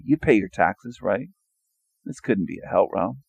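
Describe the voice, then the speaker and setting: A man with a low, gravelly voice talks through a sarcastic monologue, asking question after question and repeating himself. The sound is dry and close, with no room around it. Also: big pitch swings, unhurried, a little mellow, dry recording. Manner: rhetorical questioning, mocking, repetitive. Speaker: video commentator. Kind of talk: sarcastic monologue over images.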